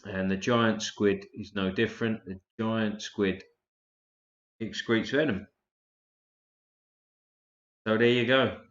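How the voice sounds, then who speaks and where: A man's voice: lowish voice, steady tone, takes it slowly, pauses often. A man hosting a casual live stream, chatting loosely and swearing freely while tired and yawning. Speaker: livestream host. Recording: roomy, dull lo-fi stream audio.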